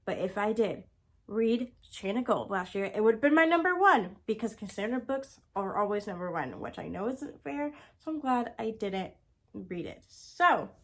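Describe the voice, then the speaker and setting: A woman's voice: mid-range voice, lively intonation, normal speed. A woman vlogger chatting casually and enthusiastically about her favorite books, gushing with lots of exclamations. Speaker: book vlogger. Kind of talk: casual chat. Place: home, indoors with her cat.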